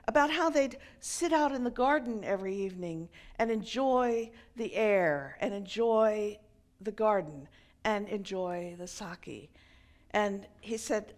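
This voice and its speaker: A woman minister telling a story in a sermon, measured, sometimes dropping to a hushed near-whisper. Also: mid-range voice.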